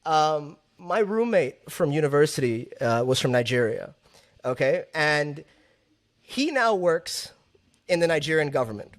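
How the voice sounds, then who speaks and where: A man in his thirties from Southeast Asia speaks as a podcast guest in a relaxed interview. His voice sits high for a man, and he talks with animated energy, often doubling back on words as he works toward his point. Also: a little slow. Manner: animated, repeats words when building a point. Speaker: podcast guest, music label owner. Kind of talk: casual conversational interview.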